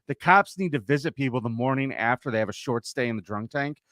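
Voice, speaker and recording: A man's voice: medium pitch, animated, quick pace, fairly bright tone, no room sound. A man with an everyday mid-range voice trades sarcastic, crude jokes with his co-host. He sounds close and dry, with no room around him. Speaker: podcast co-host. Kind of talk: casual comedic commentary.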